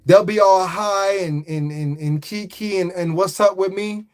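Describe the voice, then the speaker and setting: A man hosting a livestream, chatting casually in a rambling, slangy, animated way and greeting viewers. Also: sits high, unhurried, clean tone. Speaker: livestream host. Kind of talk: casual live chat.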